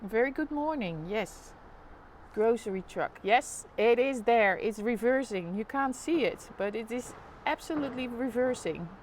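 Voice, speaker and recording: A woman's voice: on the high side, animated, measured pace, a little hiss or hum. A woman with a Dutch accent chatting casually on a live stream, narrating the street below her apartment window. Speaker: live vlogger.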